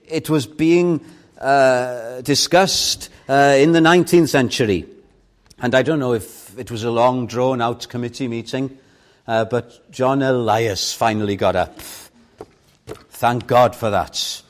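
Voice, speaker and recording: A man preaching a sermon as pastor, acting out a story with big swings from loud, impassioned calls to quiet, intimate pleas. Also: measured pace. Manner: dramatic, swings from booming to hushed.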